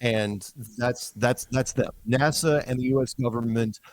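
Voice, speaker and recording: A man talking as a podcast guest in a relaxed conversational way, often acting out quoted voices as he tells his stories. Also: medium pitch, a little slow, no echo, low-quality recording. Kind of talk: conversational explanation.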